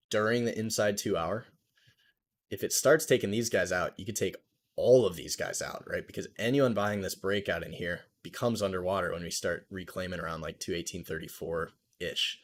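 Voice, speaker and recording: A young man hosting a live trading stream, talking casually through charts in a relaxed, jargon-heavy, think-aloud way. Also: on the low side. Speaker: trading livestream host. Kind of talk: casual live market commentary.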